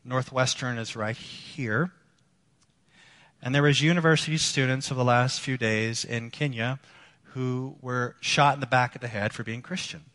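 A man preaching a sermon as a pastor, earnest, moving between emphatic lines and hushed ones. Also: medium pitch, fairly even intonation, normal speed. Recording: long hall reverb.

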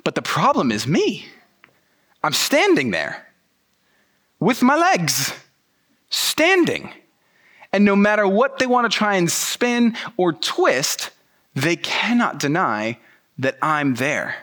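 A man telling a sermon story in the first person, animated and using casual slang. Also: high-pitched, slow pace, pauses often. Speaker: pastor.

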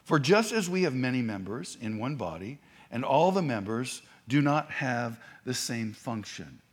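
A man's voice: mid-range voice, sing-song, measured pace, breathy edge. A man preaching a sermon, talking in a conversational way with asides and restarts. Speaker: pastor.

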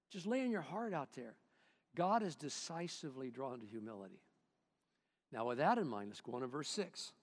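A male pastor preaching a sermon in church, swinging between loud bursts and hushed asides, calling on the congregation to respond. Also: mid-range voice, lively intonation, normal speed, in a large hall.

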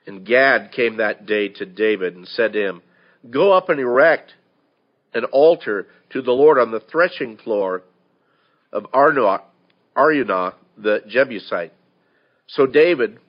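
A man pastor preaching a sermon, reading scripture loudly and then dropping to quiet, intimate asides. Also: medium pitch. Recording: dull lo-fi podcast audio.

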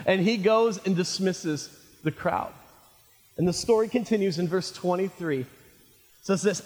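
Male pastor preaching, jokey and lively, fairly high voice, long echo like a big church. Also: unhurried, long pauses. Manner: animated, jokey, addresses audience as friends. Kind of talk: sermon. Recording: reverberant hall.

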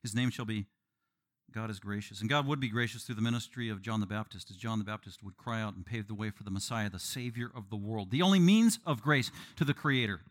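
A man preaching an expository sermon. He delivers it in an animated, emphatic way, with joking asides to the congregation. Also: fairly low pitch, fast talker, few pauses. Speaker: pastor.

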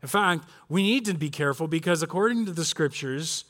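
A pastor in his forties delivers a church sermon in a notably high voice. He tells stories with animated energy and acts out the voices of the people in them. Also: brisk. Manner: animated storytelling with quoted voices.

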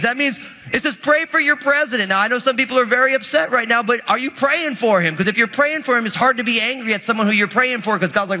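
High-voiced, bright energetic preacher. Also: male voice, fast talker, few pauses. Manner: energetic, humorous, conversational preaching. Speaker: pastor. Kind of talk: sermon. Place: church sanctuary. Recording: muffled audio with long hall reverb.

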